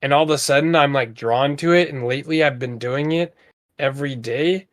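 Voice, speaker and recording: A man's voice: fairly high pitch, brisk. A man in his thirties co-hosting a podcast, talking in an earnest, rambling way with lots of fillers. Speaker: podcast co-host. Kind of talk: casual motivational talk.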